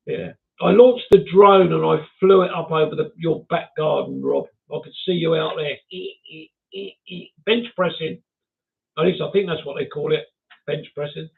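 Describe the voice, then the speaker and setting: Hosting a laid-back livestream chat, an older man reads viewer comments aloud, chuckling and joking at his own expense. He speaks at a moderate pace with frequent pauses in a fairly high, gravelly voice, and the sound is tinny, like a phone.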